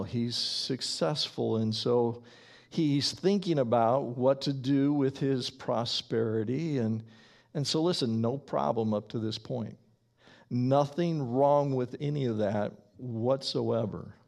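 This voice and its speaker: Slow, gravelly-voiced male preacher. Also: medium pitch, a little mellow. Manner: slow, emphatic preaching with deliberate pauses. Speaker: pastor. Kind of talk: sermon.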